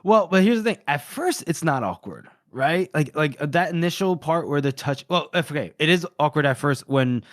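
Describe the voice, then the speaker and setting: A man co-hosting a podcast, chatting casually about a book and retelling scenes with animated voices. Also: a little high, moderate pace, hardly any pauses, no room sound, studio quality. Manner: animated retelling, playing out characters' lines. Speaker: podcast co-host.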